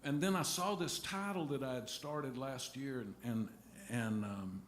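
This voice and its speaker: A middle-aged man telling a halting, rambling story between songs at a live concert, restarting his sentences often. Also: medium pitch, a little hiss or hum. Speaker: singer-songwriter on stage. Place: music venue stage. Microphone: stage vocal mic. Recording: roomy live venue sound.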